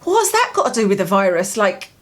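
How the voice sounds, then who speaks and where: A woman's voice: mid-range voice, big pitch swings, fast talker. A woman vlogging a personal grief diary, telling a long story in a candid, rambling way with many fillers, from home.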